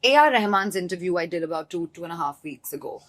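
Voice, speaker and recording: A woman's voice: lowish voice, expressive, fast talker, a bit bright. A young woman, interviewing in a casual chat and telling stories animatedly, acting out her own reactions.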